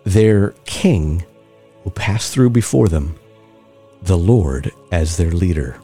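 A man hosting a scripture reading, reading in a measured, solemn way with rising emphasis and leading listeners in prayer. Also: deep voice, lively intonation, warm tone, breathy edge. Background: faint music.

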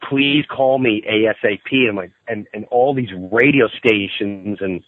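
A man hosting a podcast, chatting casually and telling a story animatedly, jumping up high when he acts out quotes. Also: unhurried, dry recording. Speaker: podcast host. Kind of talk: casual interview chat. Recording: thin phone-like sound, dry.

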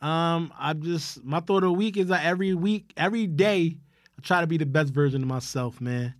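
A man hosting a podcast in casual chat, talking in halting, profane bursts and laughing often. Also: on the high side, no echo, studio quality. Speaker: podcast host.

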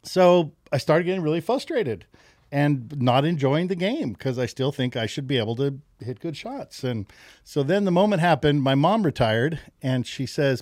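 Middle-aged man, podcast guest, lively storyteller who laughs a lot; dry close mic. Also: a little high, moderate pace, dry recording. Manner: animated, laughs often, acts out quotes. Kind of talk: casual storytelling.

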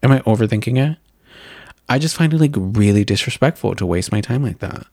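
A man's voice: mid-range voice, animated, brisk, gravelly, darkish tone, no echo, studio quality. A young man hosting a makeup show, ranting casually in a rambling, profane way full of "like" fillers. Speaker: makeup video and podcast host.

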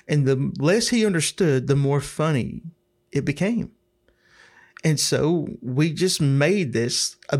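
Middle-aged man, slightly higher pitch, casual rambling storyteller, repeats himself, frequent throat clearing.

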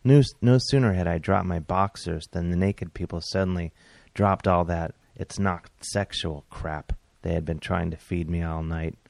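Reading one of his own funny stories, a male comedian-author keeps a dry, deadpan tone that occasionally bursts into exasperation. He speaks at a normal speed in a low register with vocal fry, and there's no echo.

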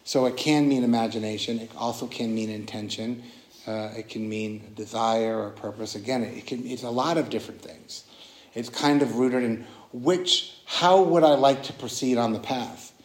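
A man's voice: medium pitch, moderate pace. A man leading a casual, earnest dharma talk as a meditation teacher, often restarting his sentences. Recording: roomy echoing hall.

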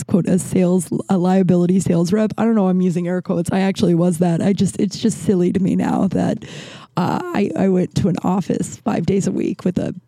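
A woman's voice: medium pitch, mellow, no echo. A woman in her thirties hosting a podcast, telling a rambling casual story and often breaking into laughter. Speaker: podcast host.

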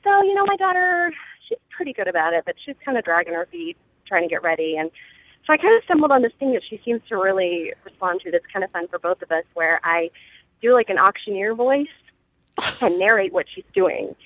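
A woman in her thirties calling in to share an anecdote, telling it in an animated storytelling manner. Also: medium pitch, a little fast, phone-quality sound. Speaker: caller. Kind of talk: phoned-in anecdote.

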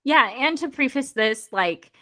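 Animated young woman podcast co-host. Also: sits high, no room sound. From Puerto Rican and Mexican heritage. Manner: animated, quick, many fillers, voice rises when passionate. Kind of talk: casual chat.

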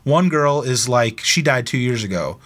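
A man's voice: mid-range voice, lively intonation, moderate pace, a bit bright. A man co-hosting a casual podcast, laid-back and chatty, reading a listener's email aloud with asides and laughs. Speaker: podcast co-host.

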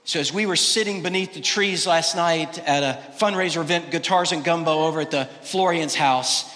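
A male pastor preaching a sermon, swinging between loud, emphatic exclamations and quiet, hushed lines. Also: on the high side, moderate pace, in a large hall. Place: church sanctuary.

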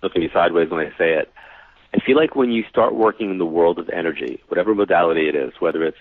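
Husky low-voiced man telling stories. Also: fast, dry recording. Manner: animated anecdote-telling, acts out quoted voices, many fillers. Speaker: psychic reader, guest. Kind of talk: casual storytelling interview. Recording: tinny phone-like line.

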